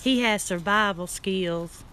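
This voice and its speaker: An older woman reads out viewer comments and chats along on an outdoor cooking stream. Her voice is bright and clear, her talk homey and friendly. Faint outdoor noise sits behind her. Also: medium pitch, takes it slowly. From Louisiana. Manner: chatty, folksy, reads viewer greetings aloud. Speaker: live-stream host reading comments. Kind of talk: casual live-stream chat.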